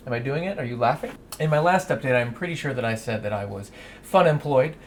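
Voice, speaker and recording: A man's voice: mid-range voice, expressive, quick pace, a little hiss or hum. A young man rambling through a casual vlog at home, self-deprecating and swearing casually. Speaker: vlogger. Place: at home, doing laundry and in his bedroom.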